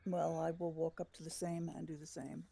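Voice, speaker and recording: A woman's voice: deep voice, flat delivery, brisk, creaky, dark tone, slightly rough. A woman playing a tabletop game, hesitant, with fillers and restarts. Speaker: player.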